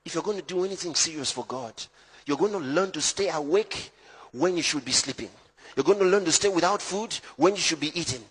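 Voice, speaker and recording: A pastor with a high, husky voice preaches emphatically, climbing to shouts before sinking into low, hushed lines. The long reverb of a large hall rings around him. His intonation is lively and his pace brisk.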